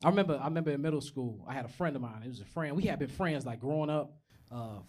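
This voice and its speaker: A man's voice: mid-range voice, lively intonation, fast talker, a little mellow. A young man doing a stand-up comedy set, telling profane stories, acting out voices and laughing at his own jokes. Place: comedy club stage.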